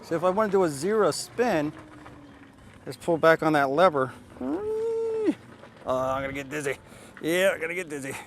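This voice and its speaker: This tool reviewer's voice is a little high and brisk, with noise in the background. In his casual demo vlog he tries out a riding mower outdoors, explaining each step with chatty enthusiasm. Sound is captured by the camera mic and occasionally by an action camera fixed on the mower.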